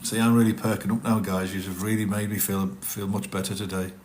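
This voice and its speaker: A middle-aged man talks in a low voice. He rambles in a casual, chatty way on a live stream, reading out and answering viewers' comments. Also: level tone, brisk, a little mellow, slight background noise. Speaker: livestream host reading chat.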